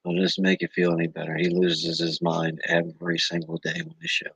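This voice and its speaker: Male co-host, deep gravelly husky voice, dry sarcastic delivery. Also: big pitch swings, brisk, fairly bright tone, no echo, rough recording. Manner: dry, sarcastic, matter-of-fact. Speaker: podcast co-host. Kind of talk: casual podcast chat.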